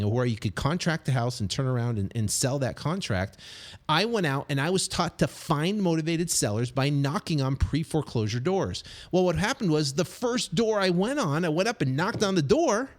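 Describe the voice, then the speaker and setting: A middle-aged man coaching on real estate deals in a casual motivational monologue, animated and repetitive, full of fillers, restarts and quick acted snippets. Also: fairly high pitch. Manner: acts out quick snippets of other voices.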